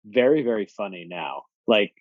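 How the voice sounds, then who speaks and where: A man appearing as a podcast guest, chatting in a relaxed, thoughtful way with hesitations. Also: on the low side, normal speed, no echo, highs cut off. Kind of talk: casual chat.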